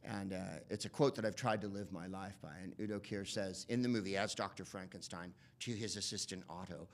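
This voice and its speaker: A man doing stand-up comedy, rambling and profane, slipping into quick voice impressions. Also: low voice, fairly even intonation. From United States. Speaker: comedian and podcast host.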